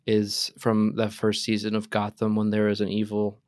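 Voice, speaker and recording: A man's voice: fairly low pitch, monotone, normal speed, darkish tone, smooth, no echo, clean studio sound. A man co-hosting a podcast in casual, playful, teasing banter. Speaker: podcast co-host.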